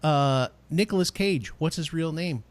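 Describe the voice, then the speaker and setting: A man co-hosting a podcast in casual banter, playful and quick to laugh. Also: a little high, dry recording. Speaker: podcast co-host. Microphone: studio mic.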